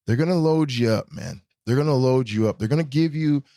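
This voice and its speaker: A man hosting his podcast, riffing in an animated, profane, emphatic way in casual chat. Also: mid-range voice, brisk, creaky. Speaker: podcast host.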